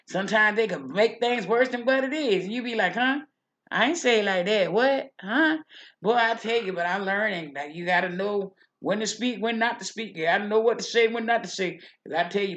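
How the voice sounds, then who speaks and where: A woman's voice: medium pitch, a bit bright, natural voice. A woman voicing a chatty older church lady who rambles, repeats herself and preaches about living right. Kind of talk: character monologue.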